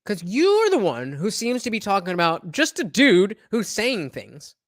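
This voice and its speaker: A man's voice: high-pitched, wildly swooping pitch, unhurried, fairly bright tone, no room sound, clean studio sound. A man reacting to podcast clips on a live stream, sarcastic and mocking as he picks their arguments apart.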